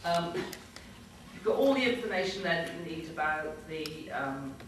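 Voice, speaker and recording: A woman's voice: fairly low pitch, lively intonation, unhurried. A woman hosting a convention, making informal announcements and presenting awards from a stage in a large hall. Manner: informal, loosely structured announcing. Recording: echoey hall from far off, noisy.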